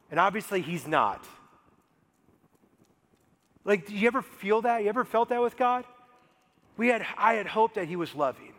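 A pastor preaches a conversational sermon, asking his listeners questions and acting out voices. His high voice is animated and a bit bright, delivered at a moderate pace with frequent pauses. The recording carries the long reverb of a large hall.

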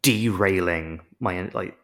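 A man's voice: low voice, slow, fairly bright tone. A man co-hosting a film review podcast, chatting casually and rambling into wry comic analogies.

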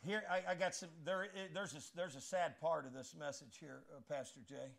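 An older man preaching a sermon as pastor, emphatic and conversational, climbing into shouted peaks, with faint music behind. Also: a little high, normal speed, vocal fry.

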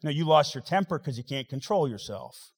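A man's voice: a little high, expressive, a little fast. Preaching man in a reverberant hall. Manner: swings from loud rising preaching to quiet asides. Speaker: pastor. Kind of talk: sermon.

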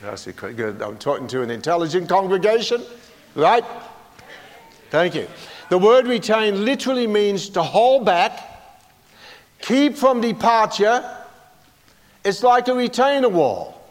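Older preacher with a high voice in a reverberant hall. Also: male voice, lively intonation, measured pace, pauses often. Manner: folksy, humorous, asks the congregation questions. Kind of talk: sermon.

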